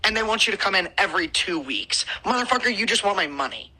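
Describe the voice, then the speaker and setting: A woman's voice: mid-range voice, expressive, fast, pushed and bright, slightly rough, low-quality recording. A podcast co-host, a woman, venting about a frustrating situation in a furious, profanity-heavy storytelling rant.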